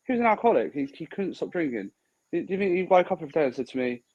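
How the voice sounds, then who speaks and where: A man talks quickly and bluntly, swearing freely as he acts out what other people said. His voice is dark and mellow. The recording sounds a bit dull and lo-fi. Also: mid-range voice, big pitch swings. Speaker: podcast co-host. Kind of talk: casual chat.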